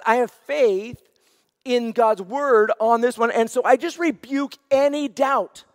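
A man's voice: very high voice, unhurried, dry recording, clean studio sound, in a large hall. A man preaching a sermon as senior pastor, earnest and repeating phrases for emphasis.

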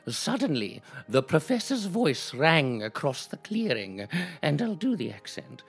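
A prim, plummy old English dame as a comedian puts her on reads out fan fiction in a slow, deadpan drawl. The husky voice rises and dips widely, with faint music playing behind. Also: mid-range voice, exaggerated voice. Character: posh elderly English actress, prim and genteel. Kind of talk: deadpan comic reading.

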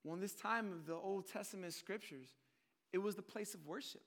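High-voiced animated man preaching. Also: brisk. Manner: animated, swings between loud emphatic peaks and hushed low asides; casual, conversational preaching with quoted prayers. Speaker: pastor. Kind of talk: sermon.

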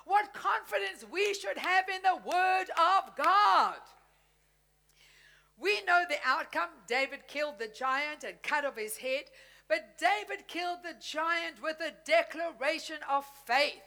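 A woman preaching a lively sermon in a high, bright voice. She exhorts her congregation with exuberant energy and laughs as she speaks. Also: measured pace, creaky. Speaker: pastor.

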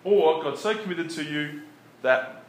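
A man preaching in a relaxed, conversational way, often chuckling between his points. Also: fairly high pitch, unhurried. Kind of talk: conversational sermon. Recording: echoey room with faint background noise.

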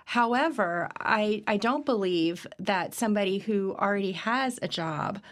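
A woman's voice: mid-range voice, lively intonation, a little slow. A middle-aged woman from Virginia, a guest on a casual podcast, who chats with frequent fillers and laughs often.

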